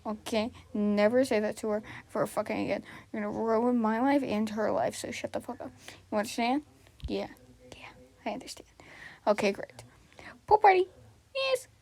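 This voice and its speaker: A woman doing casual improvised fan role-play, flustered and giggly, stammering and dropping into breathy whispers. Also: medium pitch, steady tone, brisk, a little mellow.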